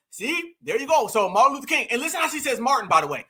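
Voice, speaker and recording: High, bright-voiced emphatic male commentator. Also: lively intonation, quick pace, few pauses. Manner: emphatic, preachy, addresses the audience as "fam" and "y'all". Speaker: online political commentator. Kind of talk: reaction commentary on a clip.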